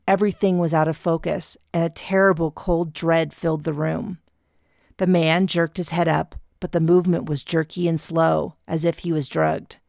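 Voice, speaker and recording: Low, gravelly woman narrating a novel. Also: no room sound, studio quality. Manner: steady, even storytelling. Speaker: audiobook narrator. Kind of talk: first-person audiobook narration.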